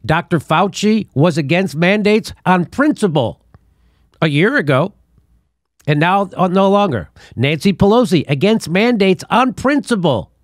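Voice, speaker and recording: A middle-aged man hosts a political commentary show in a slightly high, lively voice. He sounds scornful and laughs between his points. The sound is close and dry, with no room echo. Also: measured pace. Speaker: show host.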